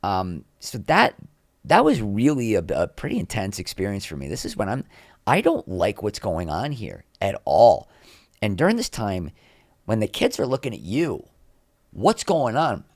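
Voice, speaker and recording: In a dry, studio-quality recording, a middle-aged male actor with a lowish voice talks at a normal speed. He tells candid behind-the-scenes stories as a podcast guest, animatedly acting out what others said.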